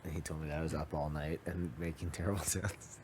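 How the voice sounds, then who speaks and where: A man chatting in a laid-back, low-key way during late-night talk. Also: flat delivery, fast, a little mellow, slight background noise. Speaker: reality show houseguest. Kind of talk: casual late-night chat.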